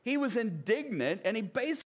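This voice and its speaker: A man's voice: extremely high pitch, big pitch swings, quick pace, a little hiss or hum. A man from the American South preaching a sermon in a conversational way, often checking in with his listeners. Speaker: pastor.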